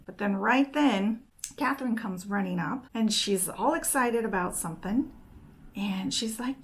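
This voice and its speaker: Slow, gravelly-voiced young woman retelling a story. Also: medium pitch. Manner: chatty, retells dialogue with "she's like". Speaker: book summarizing nail vlogger. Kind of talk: casual spoken story retelling.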